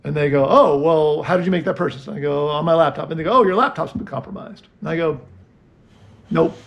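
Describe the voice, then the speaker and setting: Male co-host, high gravelly voice, animated storyteller. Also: brisk. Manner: animated, acts out both sides of phone calls. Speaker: podcast co-host. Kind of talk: casual storytelling chat.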